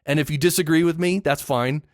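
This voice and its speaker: A man's voice: fairly high pitch, a little fast, dry recording, clean studio sound. A man hosting a solo podcast, giving a casual, opinionated rant full of emphatic repeats and blunt judgments. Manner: opinionated, emphatic ranting with repetitions. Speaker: podcast host.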